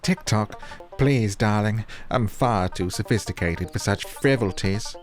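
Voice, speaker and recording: A man's voice: on the low side, a little slow, faint music behind, lightly acted. Male performer reads a sophisticated diva fox villager, haughty, affected, darling every line. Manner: affected, calls people darling.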